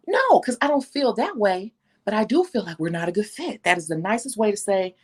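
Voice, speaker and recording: Blunt, animated woman host. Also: fairly high pitch, fairly quick, husky. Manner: candid, blunt, animated storytelling with slang and cursing. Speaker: nail technician and channel host. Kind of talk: casual talk to viewers, reading live comments.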